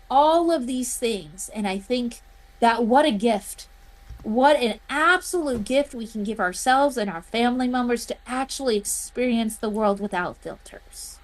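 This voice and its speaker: Woman on a podcast, slightly high voice, earnest, sharing her own story from the heart. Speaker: interview guest, healing practitioner. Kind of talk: personal storytelling in an interview.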